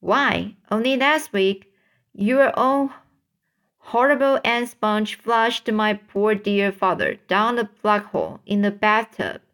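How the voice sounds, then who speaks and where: A mournful spider lady, as a woman reads her, sighing over how badly the world treats her kind. Her words come slowly and heavily at a middling pitch, in a gentle storybook reading. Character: gloomy, wronged female spider, sighing and self-pitying.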